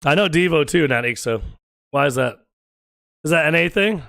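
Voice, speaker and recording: An American man streaming a game and chatting casually with his viewers, joking, teasing and firing off quick questions. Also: a little high, expressive, a bit bright, dry recording, studio quality. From United States. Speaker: gaming streamer.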